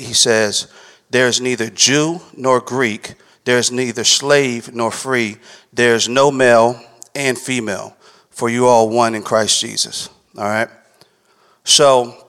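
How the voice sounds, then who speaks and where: A man's voice: mid-range voice, pushed and bright. Man preaching in a reverberant hall. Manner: checks in with listeners, repeats scripture lines. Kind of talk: conversational sermon.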